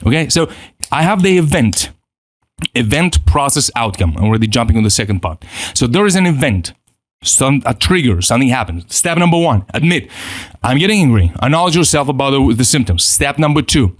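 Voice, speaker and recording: A man teaching a self-improvement course, his pitch leaping up and down as he acts out the voices in people's heads. He often breaks off and restarts his sentences. The sound is dry and close, with no room echo. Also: brisk. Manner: animated, acts out inner voices, frequent restarts. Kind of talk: spoken course lesson.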